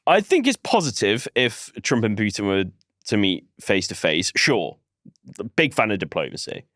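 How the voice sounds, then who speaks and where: A man's voice: on the low side, huge pitch swings, moderate pace, fairly bright tone, dry recording, studio quality. A man co-hosting a podcast, talking in a laid-back, blunt way with swearing and jokes. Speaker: podcast co-host. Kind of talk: casual political podcast chat.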